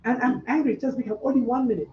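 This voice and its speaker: A man who is a Buddhist monk giving a meditation talk to students, in halting non-native English, repeating key words. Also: extremely high pitch, slight background noise. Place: meditation center. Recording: echoey, dull, from far off.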